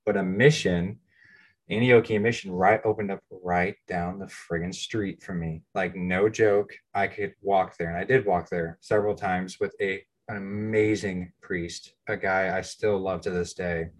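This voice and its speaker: An American man in his thirties with a somewhat low-pitched voice shares his own story on a podcast. He talks casually and candidly, poking fun at himself along the way. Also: steady tone, unhurried. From United States. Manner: candid, self-deprecating, plain-spoken. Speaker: podcast co-host.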